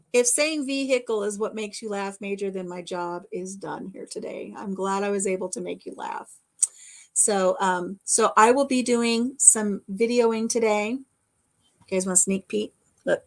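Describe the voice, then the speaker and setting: A middle-aged woman from the American Midwest, chatting casually with a live audience on her vlog and answering viewer comments. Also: medium pitch. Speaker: vlogger.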